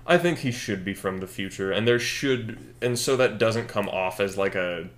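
A young man co-hosts a casual podcast, working out a story idea aloud. His voice sits a little low, and he keeps circling back, correcting himself and stacking fillers as he goes. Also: normal speed, a bit bright, a little hiss or hum. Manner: rambling, thinks aloud with fillers and self-corrections. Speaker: podcast co-host.

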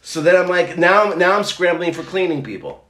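A middle-aged man chatting casually as a co-host, telling stories in a rambling, animated way with many restarts. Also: sits high, moderate pace. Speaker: podcast co-host. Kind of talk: casual chat. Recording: roomy echo.

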